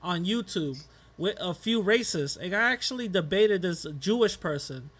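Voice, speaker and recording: Bright, high-voiced male host. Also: expressive, normal speed, husky. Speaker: podcast host. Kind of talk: casual interview conversation.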